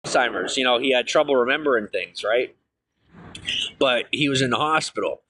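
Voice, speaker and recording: A man's voice: medium pitch, a little fast, noisy background. A man streaming to viewers, telling long rambling personal stories full of fillers and restarts.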